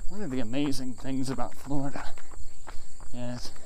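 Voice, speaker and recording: A man chatting casually outdoors in the countryside, joking in short, halting phrases as a runner talking to his viewers. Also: mid-range voice, steady tone, a little hiss or hum, low-quality recording. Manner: playful, jokey, talks in short halting phrases. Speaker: runner vlogger. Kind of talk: casual chat. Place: outdoors in rural South Central Pennsylvania. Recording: insects chirping loudly behind.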